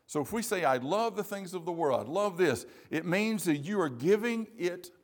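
A man preaching a sermon in a church, slowing down to stress key phrases. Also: high voice, animated. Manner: measured, emphatic preaching with slow stressed phrases.

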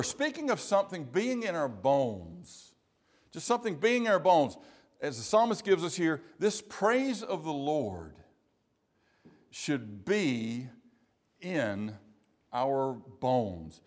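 Slow, deliberate preaching comes from a South Carolina pastor whose male voice sits in the mid range. Emphatic phrases recur again and again through his sermon.

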